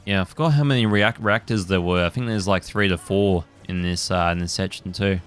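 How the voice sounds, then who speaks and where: A man giving let's play commentary with a somewhat low, smooth voice. He talks casually and rambles, full of fillers and occasional swearing. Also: brisk, soft background music. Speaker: gaming channel host.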